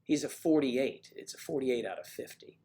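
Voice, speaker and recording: A man's voice: mid-range voice, normal speed, dark tone. Chatty man rambling on a livestream. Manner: chatty, joking, drifting between topics. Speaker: livestream host. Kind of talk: casual rambling chat. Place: at home.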